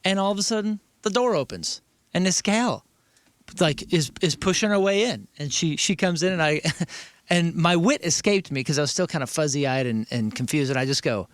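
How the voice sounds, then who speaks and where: A man's voice: on the high side, normal speed, no echo. A man co-hosting a talk show, telling a long story in casual banter, stammering and acting out quotes. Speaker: radio show co-host.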